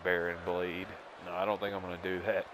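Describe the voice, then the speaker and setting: A man's voice: low-pitched, fairly quick, a little hiss or hum, rough recording. Joking man narrating a wrestling game. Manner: joking, excitable, reads and comments aloud. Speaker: gaming channel host. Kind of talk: casual let's-play commentary.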